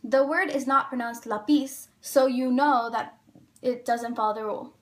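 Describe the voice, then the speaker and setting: A woman explaining a lesson, slowing down carefully on each example word. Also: a little high, fairly even intonation. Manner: careful, slows down on example words.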